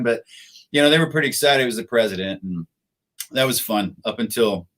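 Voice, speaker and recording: A middle-aged American man, a retired soldier and podcast guest, telling war stories in a relaxed, anecdotal way. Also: medium pitch, a little fast. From United States. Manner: laid-back, anecdotal, acts out quoted voices. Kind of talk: casual storytelling interview.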